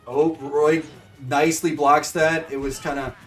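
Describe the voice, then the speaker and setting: A man casually commentating computer-controlled fighting game matches for viewers, rambling with fillers and bursting into excitement at big moves. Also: fairly high pitch, unhurried, far from the mic, faint music behind. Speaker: streamer commentating AI fight bracket.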